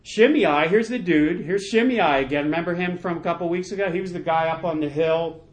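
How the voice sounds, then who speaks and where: A man's voice: fairly high pitch, brisk. A male pastor preaching a sermon, enthusiastic and emphatic, with lots of repetition.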